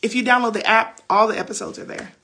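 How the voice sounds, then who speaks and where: A woman's voice: fairly high pitch, fairly even intonation, quick pace, bright, forceful tone, breathy edge. A woman hosting a faith podcast, giving casual Bible teaching on a phone livestream in a chatty, preachy way with loose slang.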